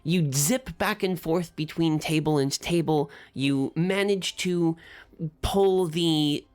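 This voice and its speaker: A woman's voice: low voice, slow pace, darkish tone. A woman running a tabletop game as game master, narrating scenes in a descriptive, meandering way.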